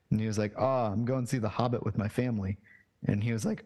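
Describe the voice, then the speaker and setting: A man co-hosting a podcast, telling stories and laughing along in relaxed casual chat. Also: lowish voice, fast talker. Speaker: podcast co-host.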